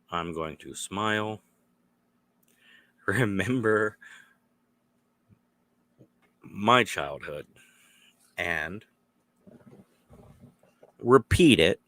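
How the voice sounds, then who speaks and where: A man rambles through a solo podcast, drifting between thoughts and acting out small exchanges. His voice sits very low and his delivery is unhurried. The recording is dry, with no room sound. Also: lively intonation, a bit bright, dry recording. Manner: meandering, acts out little dialogues. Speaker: podcast host.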